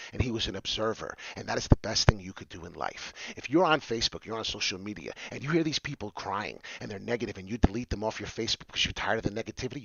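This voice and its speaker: Brief: man, crypto streamer, bright lively preacher's bark that swings loud to hushed, dull dry mic. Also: dry recording. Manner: swings from loud shouting to low muttering; swears often, preachy and rambling. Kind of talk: fired-up motivational rant.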